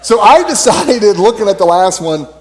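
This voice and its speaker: Animated man telling a sermon story. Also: high voice, moderate pace, a little hiss or hum. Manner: animated, laughing storyteller with many fillers. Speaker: pastor.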